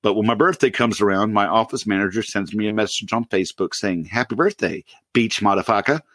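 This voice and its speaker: A man in his forties on a podcast, casually telling a workplace story with lively laughs and put-on voices. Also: lowish voice, fast talker, no room sound. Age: 40s. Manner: animated storyteller, loud impressions and laughter. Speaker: podcast co-host.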